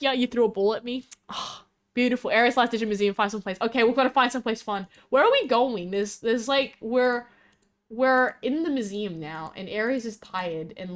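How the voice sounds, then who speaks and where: A young Australian woman with a voice on the high side streams as a VTuber, chatting casually in a rambling, giggly way while reading chat aloud.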